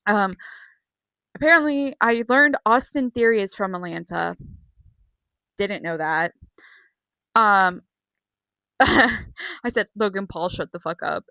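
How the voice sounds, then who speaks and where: A girl chatting her way through a casual recap vlog, rambling and excitable, swearing freely and filling pauses with "um." Her voice is bright and forward. The recording is dry and close, with no room sound. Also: medium pitch, dry recording. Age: young. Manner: rambling, excitable, swears often, many fillers. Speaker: vlogger.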